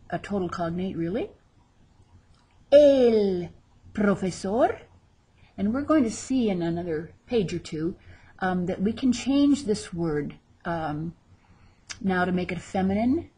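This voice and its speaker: Slow, husky-voiced woman teaching a lesson. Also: on the low side, a little mellow. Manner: patient, repeats each word slowly for learners; light self-teasing humor. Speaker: Spanish teacher. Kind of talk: recorded language lesson.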